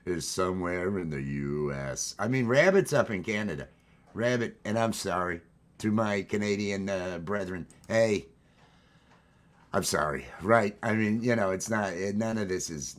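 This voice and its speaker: A man hosting a casual livestream from home, upbeat and rambling as he greets his viewers. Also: lowish voice. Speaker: livestream host. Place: at home, green screen.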